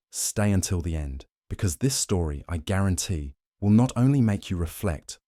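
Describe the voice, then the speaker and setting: A man narrating a scripted moral fable in a measured, dramatic way. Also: low voice, mellow, no echo, studio quality.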